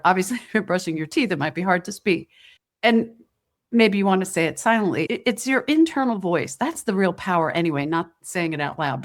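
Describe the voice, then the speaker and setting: Gentle woman coaching the listener. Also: medium pitch. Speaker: podcast host. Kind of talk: reflective podcast monologue.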